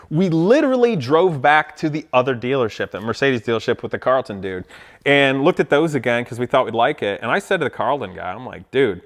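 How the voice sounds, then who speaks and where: A man's voice: mid-range voice, a bit bright. A man casually telling a story to camera, laughing often and acting out what people said. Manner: laughs often, acts out quotes animatedly. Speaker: vlogger.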